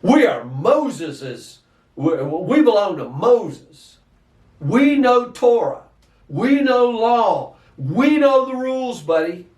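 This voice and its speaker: A man's voice: very high voice, big pitch swings, slow, darkish tone, pitched above the performer's own voice, heavily acted. A man voicing scornful, self-assured male religious leaders in a mocking, lecturing tone. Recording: echoey, distant from mic.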